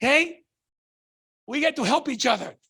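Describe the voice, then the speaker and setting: Man from Tonga, high voice, gravelly, motivational sales pitch, shouts in bursts. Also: normal speed. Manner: excitable, bursts into shouting, repetitive rhetorical questions. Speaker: business opportunity presenter.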